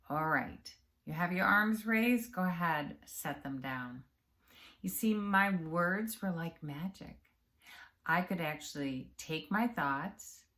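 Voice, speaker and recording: A woman coaches the viewer in an unhurried, measured way. Her voice sits a little low, and she speaks calmly and encouragingly. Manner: calm, measured and encouraging, addressing the viewer directly. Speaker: health and empowerment coach. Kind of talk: direct-to-camera coaching talk.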